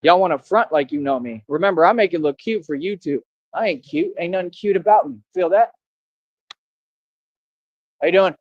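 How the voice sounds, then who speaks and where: A man's voice: sits high, expressive, moderate pace, long pauses, no room sound, dull audio. A man vlogging outdoors, boasting and confronting his viewers in slang-heavy street talk.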